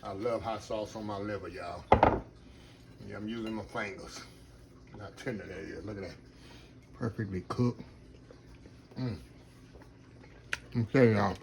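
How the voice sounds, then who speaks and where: Fairly low-pitched and measured, a male cooking vlogger speaks with vocal fry and long pauses against background noise. He keeps up a chatty patter while eating, talking with his mouth full, murmuring "mm," and using Southern phrasing such as "y'all."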